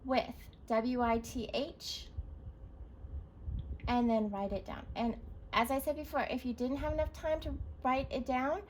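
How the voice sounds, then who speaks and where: A woman's voice: high-pitched, brisk, darkish tone, slight background noise, poor audio. A woman teacher leading a recorded reading lesson for young children, encouraging and spelling words out letter by letter.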